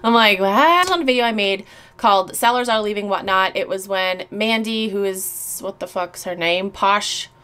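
A woman's voice: medium pitch, steady tone, moderate pace, a bit bright, clean tone. Blunt, swearing woman vlogger. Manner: blunt, sarcastic, swears often. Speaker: YouTuber. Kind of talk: casual vlog reading comments.

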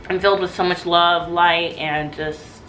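A woman's voice: lowish voice, fairly even intonation, a little slow, fairly bright tone, soft background music. A young woman vlogging in her apartment, gushing and chatty, with lots of "like"s. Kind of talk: casual vlog chat. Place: her apartment living room. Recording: echoey room.

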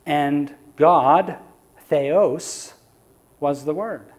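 A man's voice: on the high side, drawn-out words. A man preaching in a church, teaching the audience in a conversational lecture style and asking them questions. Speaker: evangelist.

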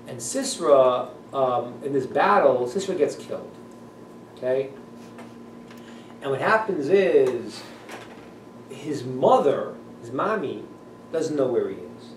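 A male rabbi teaching a class in an animated manner, acting out voices and laughing often. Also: mid-range voice, slow, long pauses. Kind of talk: class lecture. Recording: echoey room, voice from a distance, faint noise.

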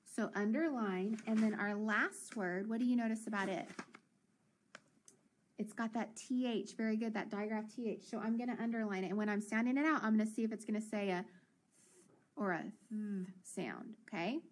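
Patient woman teaching phonics to kids. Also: medium pitch. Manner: patient, encouraging, sounds out letters slowly. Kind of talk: phonics lesson for young children.

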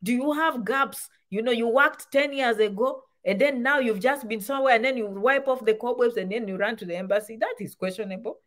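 A woman's voice: a little high, fairly quick, hardly any pauses, a bit bright. A woman giving casual advice to camera, full of rhetorical questions and repeated points. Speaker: immigration advice vlogger.

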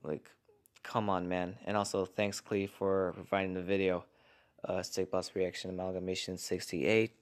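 A man hosting a casual comment-reaction vlog from his home garage, talking in a hushed voice to keep quiet. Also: deep voice, completely flat delivery, moderate pace. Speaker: channel host reading viewer comments.

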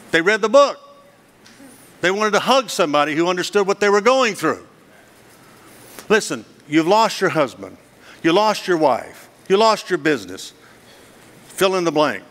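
A man's voice: sits high, fairly bright tone. A middle-aged man giving a guest sermon, telling his story earnestly and dramatically, with many rhetorical questions. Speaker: guest speaker. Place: church hall. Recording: long reverb of a hall.

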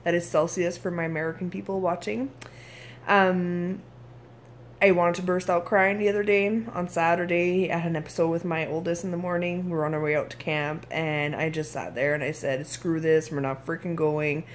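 A woman's voice: fairly low pitch, fairly even intonation, normal speed, slight background noise. Candid, tired Canadian woman vlogging. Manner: candid, frank, occasionally swears. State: tired and irritable. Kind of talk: casual video diary.

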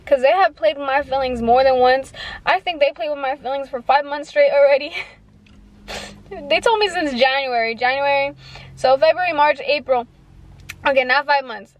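A young woman vlogging casually, chatty and giggly, talking with a slight lisp from her retainers. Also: sits high. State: pregnant. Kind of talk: casual vlog chat.

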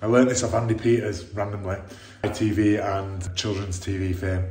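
A man's voice: on the low side, little pitch movement, normal speed, a little mellow, slight background noise. A man, chatting to camera from his car in an upbeat, coach-like way. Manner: upbeat, motivational coaching talk. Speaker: vlogger and dad. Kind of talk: casual vlog chat to camera. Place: in a car on the school run.

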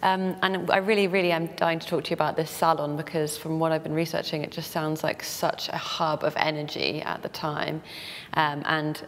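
A woman's voice: low voice, little pitch movement, moderate pace, long reverb tail. A woman interviewing a guest on a live stream, attentive and encouraging, prompting with questions. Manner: attentive, encouraging with murmured agreement.

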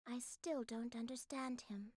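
A woman voicing an aloof young aristocrat who speaks in a calm, condescending way. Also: on the high side, measured pace, dry recording, studio quality. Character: aloof aristocratic young lady, haughty and cool.

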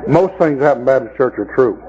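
A man's voice: mid-range voice, animated, fast talker, muffled recording, a crowd in the background. A man preaching a sermon at a camp meeting, telling folksy stories and mocking the people he talks about. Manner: folksy storytelling preacher, mocking voices in quoted scenes.

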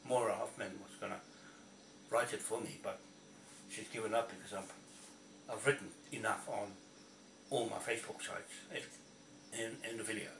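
A man's voice: lowish voice, fairly even intonation, moderate pace, long pauses. A man ranting angrily to camera, swearing and repeating himself in a confrontational way. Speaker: video blogger. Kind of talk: angry rant to camera. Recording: echoey, from a distance, faint noise.

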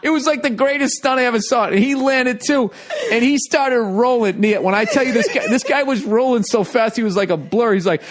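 American man, high voice, podcast host, casual story, profane, laughing. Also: a little fast. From United States. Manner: animated, profane, laughing often through the telling.

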